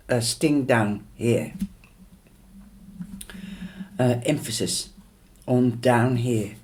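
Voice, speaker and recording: A man's voice: mid-range voice, a little mellow. A man reading a novel chapter aloud, with small slips and restarts. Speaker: audiobook reader.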